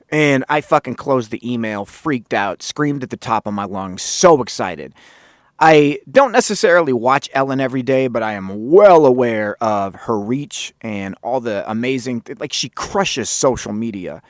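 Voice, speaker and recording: Man, podcast host, casual storytelling, animated, curses freely, mid-pitched, dry close recording. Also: moderate pace, no echo.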